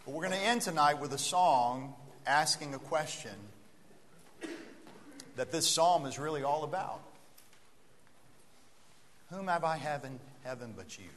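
In a church auditorium, a male preacher delivers an evening sermon in a slightly bright voice on the high side, speaking a little slowly and pausing often. He tells a story that builds toward an earnest appeal, and the recording carries long hall reverb and faint noise.

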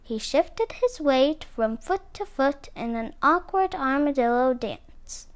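A woman reading a picture book aloud to children, with expressive, animated storytelling. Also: sits high, takes it slowly.

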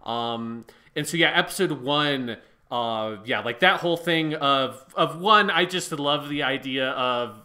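A man co-hosting a podcast in casual chat, talking excitedly, swearing often and filling his speech with "like". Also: on the high side, unhurried. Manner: excited, swears a lot, fills with "like". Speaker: podcast co-host.

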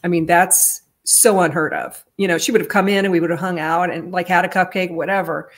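A woman with a fairly low voice tells a personal story in a casual monologue. She talks earnestly and rambles, restarting her sentences often, and her voice lifts whenever she reaches the emotional parts. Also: fairly even intonation, brisk. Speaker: vlogger retelling a family story.

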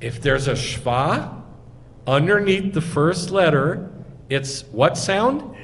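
A rabbi delivers a teaching sermon in a creaky, fairly high-pitched voice, speaking slowly and expressively. He walks through his points step by step and puts questions to the audience, recorded in an echoey hall with faint noise.

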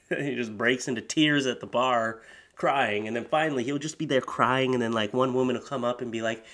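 A man's voice: mid-range voice, steady tone, normal speed, fairly bright tone. A man hosting comedic commentary, reading posts aloud with crude, mocking sarcasm and exaggerated voices. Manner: sarcastic, crude, mocking, laughs at his own jokes. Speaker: commentary host.

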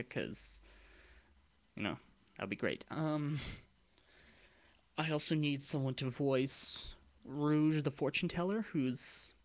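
A man with a deep voice talking in a casual vlog, rambling and hesitant, with frequent ums and restarts as he explains his project plans. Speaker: vlogger and abridged-series creator.

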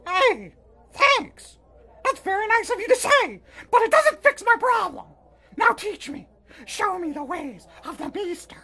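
A shrill whiny turkey puppet. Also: male voice, very animated, measured pace, heavily acted. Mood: pleading. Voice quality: shrill high-pitched nasal voice. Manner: melodramatic, swearing, swings to shouting. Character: neurotic whiny male turkey puppet, foul-mouthed. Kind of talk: puppet comedy sketch.

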